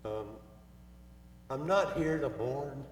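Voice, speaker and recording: Older guy talking slow and hesitant at a memorial, mid pitch, big echoey room. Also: animated, slight background noise. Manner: halting, hesitant, soft-spoken. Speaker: widower speaking at a memorial. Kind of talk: spoken remembrance at a memorial. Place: memorial service hall. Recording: echoey hall with long reverb.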